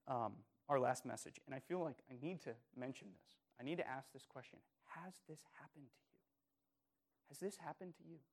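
A man gives a sermon as pastor in a mid-range voice, emphatic and sincere. He repeatedly asks his listeners questions and at times slips into quiet, gentle phrasing.

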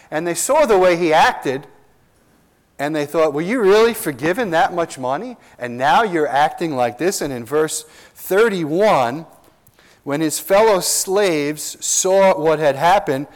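With a slightly high, darkish voice, a man preaches as pastor through an expository sermon. He's earnest and emphatic, lingering slowly on stressed words and raising rhetorical questions.

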